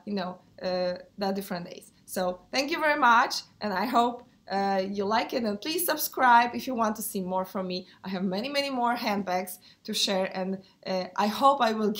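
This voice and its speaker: Woman, sick voice. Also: medium pitch. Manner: hesitant, many fillers, non-native phrasing. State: sick, voice affected. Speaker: handbag vlogger. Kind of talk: casual product review vlog.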